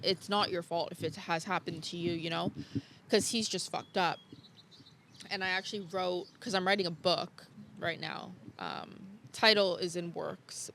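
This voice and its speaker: A woman's voice: on the low side, steady tone, normal speed, gravelly, pushed and bright, a little hiss or hum. A young woman guest on a podcast, telling her story frankly and casually, swearing freely and laughing off hard memories. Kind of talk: candid conversational storytelling.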